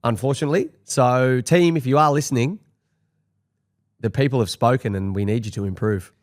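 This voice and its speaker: Laid-back Australian male co-host, middling pitch, easy banter. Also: fairly quick. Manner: laid-back, laughs often, sporting banter. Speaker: podcast co-host. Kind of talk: casual chat.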